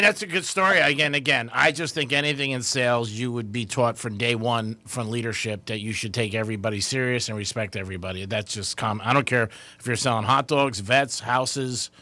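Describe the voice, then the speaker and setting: A man's voice: mid-range voice, fairly even intonation, fairly quick, bright, forceful tone, dry recording. A man chatting casually as a radio host in a studio.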